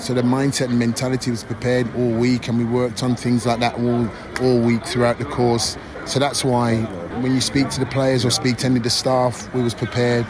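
Pleased football manager in post-match interview. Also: male voice, mid-range voice, completely flat delivery, a little fast, crowd noise, low-quality recording. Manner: earnest, pleased, repetitive.

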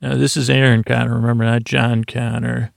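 A man with a heavily gravelly, fry-laden voice that stays flat and low-key as he drones through a meandering recap. He rambles, restarts and pads his sentences with fillers in an unhurried bedtime style. The sound is dry and close, with no room around it. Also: no room sound. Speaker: podcast host. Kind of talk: sleepy episode recap.

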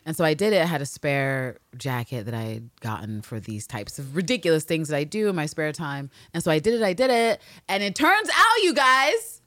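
A woman co-hosting a podcast, telling a story in animated casual chat, swearing and breaking into loud laughter. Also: a bass voice, fairly quick, no echo. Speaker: podcast co-host.

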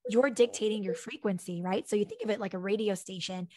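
A woman's voice: mid-range voice, quick pace, crowd noise. A woman hosting a podcast, talking in an emphatic, coaching way and repeating her key phrases. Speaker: podcast host. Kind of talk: motivational podcast talk.

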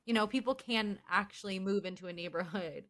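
Woman cohost retelling tv scenes, mid-pitched, lively asides, casual. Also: brisk. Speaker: podcast co-host. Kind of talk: casual recap chat.

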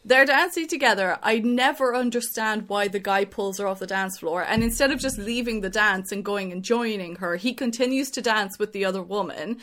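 A woman's voice: medium pitch, normal speed, few pauses, fairly bright tone. A young woman in casual chat, talking in long runs with many restarts.

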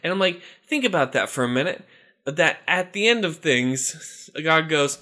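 A man's voice: on the high side, wildly swooping pitch, normal speed, a bit bright. A man hosting a casual chat, rambling and chuckling as he talks, often restarting his sentences. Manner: rambling, chuckling, self-interrupting.

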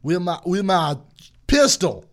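A man's voice: sits high, big pitch swings, unhurried, full character voice. A man putting on a clumsy impression of an Italian mafia boss, stumbling over words and barking orders. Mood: blustering. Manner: faltering, breaking into laughter, barking orders.

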